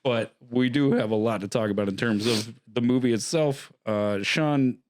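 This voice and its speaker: A man's voice: mid-range voice, normal speed, a little mellow, dry recording, studio quality. A man hosting a horror film podcast, chatting casually and loosely with lots of fillers and laughs. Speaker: podcast host. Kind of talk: casual chat.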